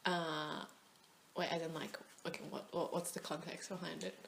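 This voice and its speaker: Give me a young woman reacting casually on a podcast, with clear background noise. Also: low voice, level tone, normal speed, fairly bright tone. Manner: brief reactions, giggles. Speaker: podcast co-host. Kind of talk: casual chat. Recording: noisy recording.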